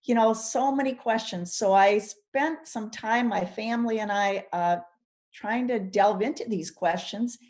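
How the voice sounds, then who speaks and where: A woman's voice: mid-range voice, a little slow, darkish tone. A woman from Minnesota, speaking on a panel, reflectively telling the story of how her family history became a film. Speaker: documentary subject. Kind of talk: panel discussion.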